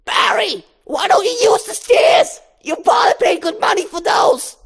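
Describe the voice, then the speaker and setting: A shrill scolding mother bee. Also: big pitch swings, a little slow, fairly bright tone, raised voice, full character voice. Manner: shrieking, scolding.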